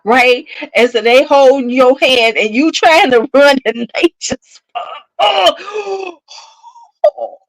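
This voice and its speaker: A woman hosting a casual chat to camera, telling stories in an animated, profane way, laughing often and acting out scenes. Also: sits high, measured pace, hardly any pauses, no room sound, rough recording. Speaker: beauty channel host.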